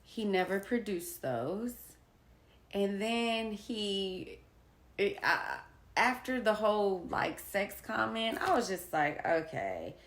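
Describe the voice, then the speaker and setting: Woman, casual personal storytelling, candid and animated, echoey room. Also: mid-range voice, slow pace. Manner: candid, animated retelling with quoted dialogue. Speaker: vlogger sharing personal experience.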